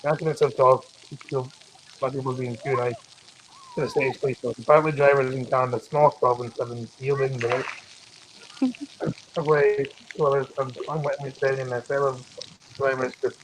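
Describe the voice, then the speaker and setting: A Scottish man casually reading news stories aloud on a stream, stumbling over words and often clearing his throat. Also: mid-range voice, level tone, brisk, pauses often, slight background noise, poor audio. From Scotland.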